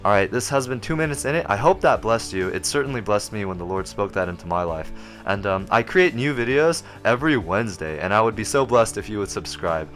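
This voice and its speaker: A man's voice: fairly low pitch, expressive, brisk, a bit bright, faint music behind. A man hosting a short devotional video, talking earnestly and conversationally with fillers and restarts. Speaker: vlog host giving a devotional. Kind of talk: short devotional talk to camera.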